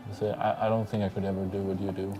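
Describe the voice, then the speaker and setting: Low-voiced joking man gaming on stream. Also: flat delivery, quick pace, music in the background. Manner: joking, self-mocking, laughs often. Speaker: livestream co-host playing a racing game. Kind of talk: casual gaming banter.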